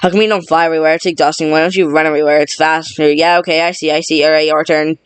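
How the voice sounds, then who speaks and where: A man reading a film script aloud in a rapid, flat delivery, stumbling over words now and then. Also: fairly high pitch, smooth, no echo. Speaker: reader.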